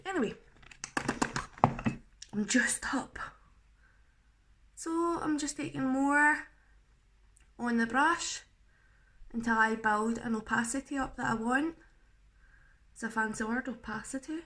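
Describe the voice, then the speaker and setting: Bright, chatty young woman. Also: on the high side, measured pace, long pauses. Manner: chatty, self-mocking, swears, laughs at herself. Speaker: makeup vlogger. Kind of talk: casual makeup tutorial chat.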